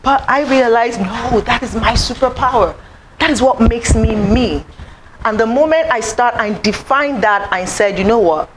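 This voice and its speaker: Woman, motivational speaker, lively storytelling talk at an event, faint hiss behind. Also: normal speed. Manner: animated, acts out quoted voices, rising to high exclaims. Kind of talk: inspirational talk to a live audience. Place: event room.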